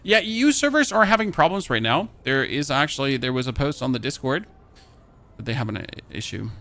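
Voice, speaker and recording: A man's voice: mid-range voice, expressive, fairly quick, pushed and bright. A chatty man from Germany with a light German accent, streaming a game and rambling as he plays. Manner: chatty, rambling, thinks aloud while playing. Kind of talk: casual live-stream chat.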